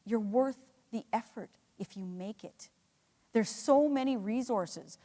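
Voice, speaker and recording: In an echoey hall, a woman gives an earnest, emotional motivational talk to a live audience, telling her story with many restarts. Her voice is on the high side with a dark tone, and her pace is measured.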